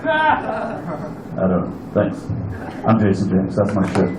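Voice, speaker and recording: A man's voice: deep voice, little pitch movement, unhurried, roomy sound, heavy background noise. A man doing open mic stand-up, telling a rambling, profane camping story. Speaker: stand-up comedian.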